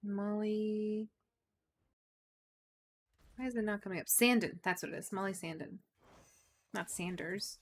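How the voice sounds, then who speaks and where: Woman, casual gaming streamer, chatty and playful, middle pitch. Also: unhurried, pauses often. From United States. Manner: chatty, playful, giggly, talks to chat. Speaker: game streamer. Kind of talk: casual chat while gaming.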